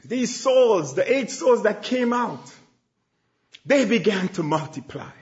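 A man preaching a sermon with emphatic delivery that swells into shouts. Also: sits high, sing-song, takes it slowly. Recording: echoey room, dull lo-fi sound.

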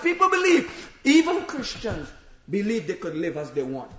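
A male preacher delivering an impassioned sermon, often shouting as he retells Bible stories and repeatedly urging the congregation to listen. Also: high voice, huge pitch swings, normal speed. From immigrant to America. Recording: echoey, dull lo-fi sermon recording.

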